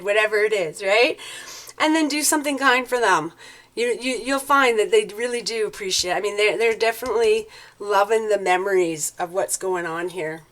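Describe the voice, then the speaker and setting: A woman's voice: medium pitch, normal speed, a bit bright. A woman giving a casual, chatty tarot reading, coaching the listener and acting out quoted lines. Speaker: tarot reader.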